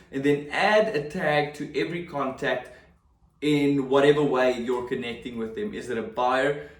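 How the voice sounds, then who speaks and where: Chatty man in an echoey room. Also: mid-range voice. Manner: chatty, emphatic, self-deprecating asides. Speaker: real estate agent. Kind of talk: casual explainer to camera. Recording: echoey room, mic at a distance.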